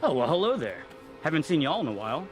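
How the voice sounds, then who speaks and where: A man's voice: fairly high pitch, big pitch swings, quick pace, soft background music. A man playing a cheerful, folksy welcoming host.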